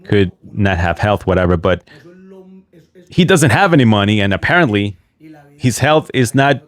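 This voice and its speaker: A fairly low-pitched man talks through video clips and translates them as he goes. His tone is mocking and sarcastic, and he jabs at what he has just relayed. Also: expressive, normal speed. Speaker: online commentator.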